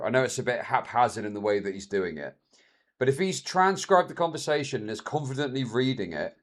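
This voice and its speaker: A man streaming, reacting to a video with crude, sarcastic commentary that swings between mutters and loud outbursts. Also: medium pitch.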